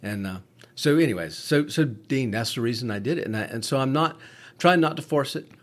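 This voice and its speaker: A man's voice: medium pitch, animated, brisk. A man, co-hosting a podcast, telling stories in casual chat with frequent swearing and restarts. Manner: profane storytelling with many restarts. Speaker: podcast co-host, paramedic.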